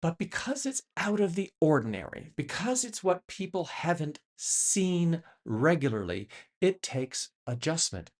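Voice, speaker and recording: A middle-aged man giving a reflective, explanatory monologue as host. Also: a little high. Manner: thoughtful, explanatory, with lively shifts in emphasis.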